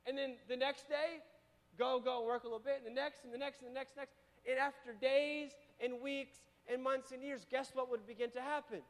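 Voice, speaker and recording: A man preaching a sermon, energetic and talking straight to the congregation. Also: very high-pitched, moderate pace. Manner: energetic, calls on the congregation to repeat. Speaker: pastor. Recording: long reverb of a church hall.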